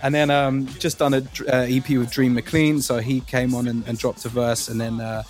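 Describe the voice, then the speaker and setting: A man, a music producer, talking in a relaxed, rambling way with many ums during a casual interview. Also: mid-range voice, moderate pace.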